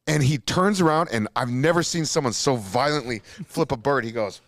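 A man's voice: mid-range voice, moderate pace, very noisy. A man from Minnesota hosting a podcast, telling a long story in a casual, profane way, and jumping into quotes he acts out. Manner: animated, profane, jumps into acted-out quotes. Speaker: podcast host.

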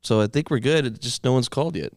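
A man's voice: medium pitch, quick pace, a little mellow, no echo. A man co-hosting a casual podcast, mostly giving short reactions and laughing along. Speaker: podcast co-host. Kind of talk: casual chat.

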